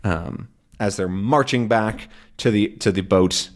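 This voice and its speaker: A man teaching English by explaining a comic in slow, simple words, adding sound effects as he goes. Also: lowish voice.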